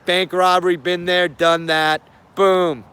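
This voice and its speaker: A man's voice: high voice, level tone, slow, pushed and bright, clean tone, full character voice. A man doing a laid-back male police officer who talks in short, matter-of-fact bursts.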